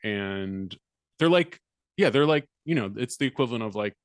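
A man's voice: on the low side, expressive, moderate pace, dry recording. A man co-hosting a casual podcast, reading an article aloud with wry, mock-dramatic asides. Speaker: podcast co-host.

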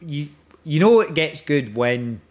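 A man's voice: a little high, animated, measured pace, a little mellow. A Scottish man in his forties, a guest actor talking casually, rambling with many restarts and hesitations. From Scotland. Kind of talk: casual chat.

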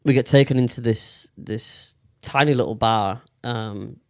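A man's voice: mid-range voice, a little slow, gravelly, dry recording, studio quality. A young man casually telling a long story on a podcast, with lots of swearing and fillers. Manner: swears a lot, rambling with many fillers. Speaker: podcast co-host.

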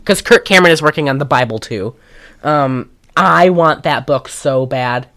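Sarcastic woman roasting a movie, low gravelly voice, lots of cussing. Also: normal speed. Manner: animated, sarcastic, swearing. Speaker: podcast co-host recapping a film. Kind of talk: casual comedic recap.

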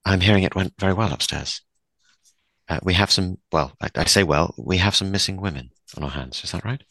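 A man's voice: sits low, fairly quick, sharp tone, breathy edge, no room sound, exaggerated voice. Man playing a polite older ex-servicewoman. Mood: courteous. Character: older woman, retired naval servicewoman. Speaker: tabletop game player.

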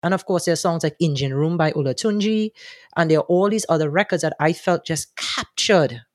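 A man answering interview questions, thoughtful and animated, often restarting his sentences. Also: on the high side, fairly quick, no echo, studio quality. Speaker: guest, soca music commentator.

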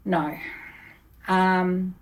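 A woman's voice: fairly low pitch, little pitch movement, very slow, recorded from a distance, rough recording. A woman, a bookkeeper, telling her story in a conversational interview, acting out her own past dialogue.

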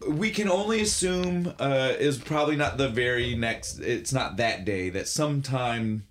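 A man co-hosting a casual movie podcast, recounting scenes in a halting way with frequent restarts. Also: mid-range voice. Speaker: podcast co-host.

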